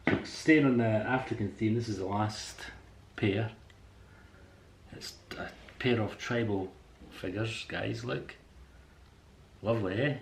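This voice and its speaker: At home, an artist who sells on eBay chats casually in a vlog, showing off items from a shopping haul. His deep, creaky voice comes with a faint hiss or hum, and his friendly, rambling talk is full of hesitations and chuckles.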